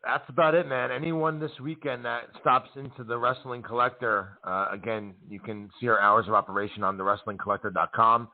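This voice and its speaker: A man's voice: mid-range voice, steady tone, brisk, vocal fry, few pauses. A sleep-deprived man co-hosting a podcast in casual, apologetic, rambling chat. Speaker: podcast co-host. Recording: tinny phone-like line.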